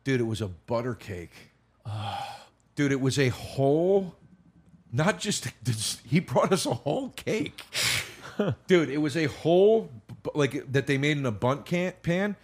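Guest on a comedy podcast: a man of middle pitch, telling stories with voiced quotes and swearing. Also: big pitch swings, takes it slowly, long pauses. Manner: storytelling, acting out dialogue, swears. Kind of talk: casual podcast chat.

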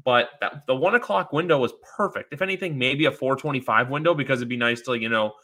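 Male podcast host, bright tone, rambling and eager casual chat. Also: medium pitch, fast talker. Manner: rambling, excited, lots of fillers.

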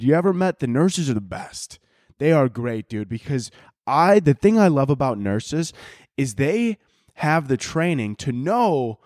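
A man's voice: mid-range voice, darkish tone, no echo, clean studio sound. A man hosting a podcast, talking in a rambling, crude, joking monologue and laughing often at his own stories. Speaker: podcast host. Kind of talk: casual comedic monologue.

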